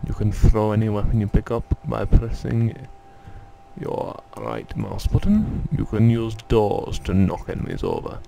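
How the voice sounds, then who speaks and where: A man doing a gravelly, bossy game instructor. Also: lowish voice, big pitch swings, unhurried, warm tone, slight background noise, exaggerated voice. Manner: condescending, barking instructions. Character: gruff, bossy male tutorial instructor with a wandering mock Scottish accent.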